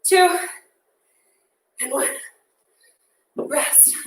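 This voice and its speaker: A young woman leads an interval workout with a high, bright voice, counting down and cheering in an upbeat, breathless way. She paces her cues unhurriedly, and she sounds slightly distant in an echoey room. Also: very slow. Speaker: fitness instructor. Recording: echoey room, mic far off.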